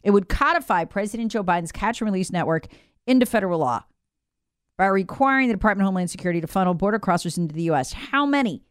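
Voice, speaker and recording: A woman's voice: mid-range voice, expressive, quick pace, smooth, no echo, studio quality. Indignant woman commentary host. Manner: emphatic and indignant, with sarcastic asides. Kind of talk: opinionated political commentary monologue.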